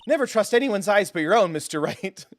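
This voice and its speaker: A man's voice: high voice, lively intonation, brisk, no echo, studio quality, voice pushed up. A man voicing an upbeat teenage girl who loves forensic science, in a raised, earnest voice while reading a game aloud. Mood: eager.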